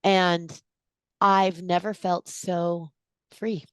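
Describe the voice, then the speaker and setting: A woman in her forties, a guest in an interview, telling a personal story in an animated way and acting out what people said. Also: on the low side, extremely slow, smooth, dry recording. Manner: animated storyteller, acts out quotes with gasps.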